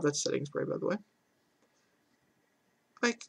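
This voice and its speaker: A chatty man narrating a game playthrough with a gravelly edge of vocal fry. He talks casually and is full of fillers, swinging between excitement and exasperated grumbling. His voice sits at an ordinary middle pitch. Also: normal speed. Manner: heavy filler "like", "super duper". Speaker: gaming channel host. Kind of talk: casual let's-play commentary.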